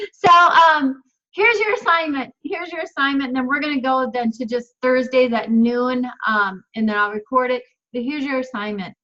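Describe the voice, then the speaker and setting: A woman's voice: medium pitch, fairly bright tone, lo-fi sound. Emphatic woman coaching on a call. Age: 50s. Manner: emphatic, repeats phrases, laughs often. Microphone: video call.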